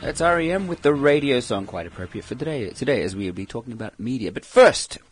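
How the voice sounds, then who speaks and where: A man co-hosting a radio show, introducing segments and adding quick sarcastic remarks. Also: medium pitch, lively intonation, soft background music. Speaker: radio co-host. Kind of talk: casual radio banter.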